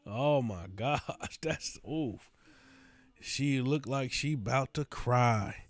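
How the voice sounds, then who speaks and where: A man's voice: mid-range voice, very slow, no room sound. Mocking man with a dry, close sound. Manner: mocking, repeats phrases over and over. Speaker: reaction channel host. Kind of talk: casual commentary over a news clip.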